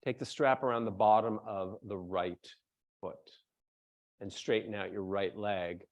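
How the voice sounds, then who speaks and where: A man who is a yoga teacher, explaining hamstring anatomy to a class and then slowly guiding them through a strap stretch. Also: on the low side, fairly even intonation, lo-fi sound. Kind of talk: yoga workshop instruction.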